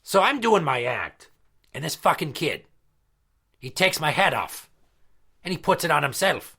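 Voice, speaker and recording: A crude, boastful pirate entertainer, played by a man, talking in a gravelly, bright voice slightly above the usual male range. He swears freely and spins his stories with swagger. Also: a little high, sing-song, a little slow, exaggerated voice. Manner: crude, profane storytelling. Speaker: regular character. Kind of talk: comedy podcast skit.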